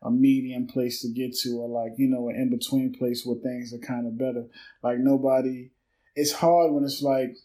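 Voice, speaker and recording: A man's voice: mid-range voice, dark tone, rough recording. Male podcast host, 30s, freewheeling solo monologue, candid and profane, mid-range voice. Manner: candid, rambling, swears freely, reflective.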